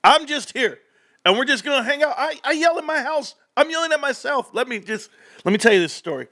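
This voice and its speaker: High, bright-voiced ranting stream host. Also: male voice, brisk. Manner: animated, rambling, laughs often. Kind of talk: casual livestream rant.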